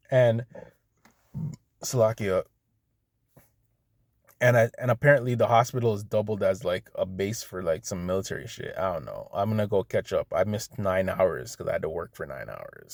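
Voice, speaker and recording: A man's voice: deep voice, animated, moderate pace, vocal fry, pauses often, a little mellow, dry recording, studio quality. A man ranting casually to the camera, blunt and heated, with plenty of profanity. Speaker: vlogger. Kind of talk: casual rant.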